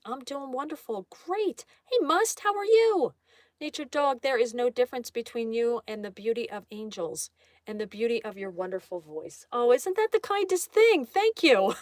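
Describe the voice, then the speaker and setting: Drawing on a live stream, a woman keeps up easygoing chat, saying hello to each viewer and reading their comments out loud. Her voice is fairly high, captured in a clean, dry studio recording.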